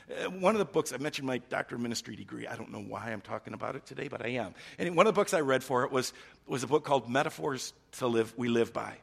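A middle-aged man preaching a sermon, swinging from loud, urgent emphasis down to a hushed near-whisper. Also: medium pitch, animated, fast, gravelly, slightly rough. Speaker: pastor.

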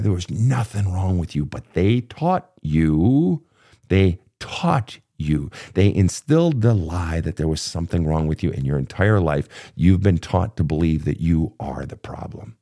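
A man's voice: low voice, dark tone. A man in his fifties coaching a guest through childhood pain in a blunt, profane, impassioned way. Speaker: therapist host. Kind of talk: emotional coaching session.

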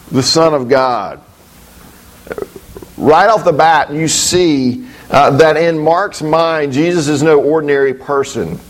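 A man teaching from the Bible. He reads the scripture in a measured, deliberate way, then explains it thoughtfully with frequent hesitations. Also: a little high, poor audio. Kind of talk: scripture reading and commentary.

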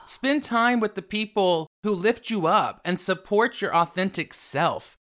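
Man, self-help radio host, theatrical, says darling a lot, lively up-and-down pitch. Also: a little slow. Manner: theatrical, calls listeners darling.

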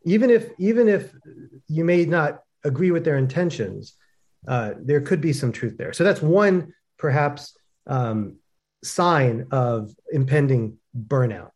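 Man, webinar talk, casual, chatty, lots of fillers, fairly high voice. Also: animated, unhurried, darkish tone. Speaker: co-host.

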